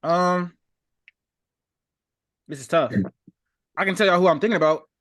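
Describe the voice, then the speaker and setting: A man's voice: high-pitched, unhurried, crowd noise. A young man hosting a casual sports debate, laid-back and hedging, laughing often. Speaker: podcast host.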